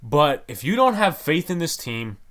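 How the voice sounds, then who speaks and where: A man's voice: a little high, sing-song, moderate pace, a bit bright. A man hosting a sports podcast, ranting in a heated, exasperated way. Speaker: podcast host.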